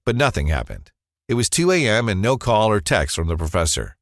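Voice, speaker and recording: A man with a low voice narrates a scripted first-person ad story in a dramatic, confessional way. His pitch moves expressively up and down, and the voice sounds close and dry with no room around it. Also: huge pitch swings, fairly quick, a bit bright, dry recording.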